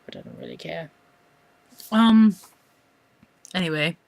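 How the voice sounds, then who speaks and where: Chatty American teen girl, bright voice. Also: low-pitched, normal speed, no echo. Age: teens. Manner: chatty, rambling, many fillers and restarts. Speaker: vlogger. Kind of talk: casual rambling vlog.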